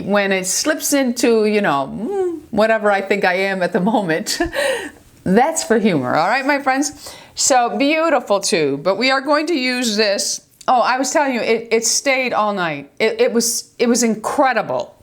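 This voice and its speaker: An older woman from New York with a New York accent, giving a chatty, affectionate makeup tutorial and often checking in with her viewers. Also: on the high side. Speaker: beauty vlogger.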